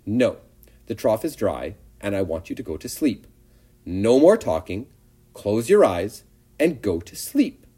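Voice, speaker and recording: A man reading a storybook aloud, voicing a calm, wise female spider who is soothing and gently firm. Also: on the low side, a little slow, slightly rough, exaggerated voice.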